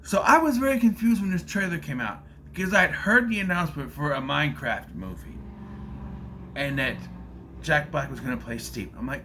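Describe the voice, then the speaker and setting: A young man talking casually to camera, reviewing a movie in a rambling, animated way with frequent restarts. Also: a little high, brisk, slight background noise. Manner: rambling, animated, self-interrupting. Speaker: video reviewer.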